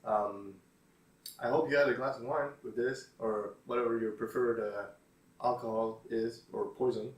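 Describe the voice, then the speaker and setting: A man's voice: medium pitch, fairly even intonation, measured pace. Guy rambling about tweets, lots of uhs, dry sarcastic jokes, echoey room, mic kinda far. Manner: hesitant, many fillers, dry sarcastic asides. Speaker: YouTuber reading tweets. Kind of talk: casual commentary. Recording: roomy echo, distant mic.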